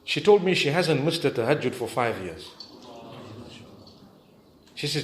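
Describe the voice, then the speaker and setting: A male preacher tells a story during a sermon, speaking conversationally and animatedly with frequent asides to his audience. His medium-pitched voice is sing-song and unhurried, recorded in an echoey hall with faint background noise.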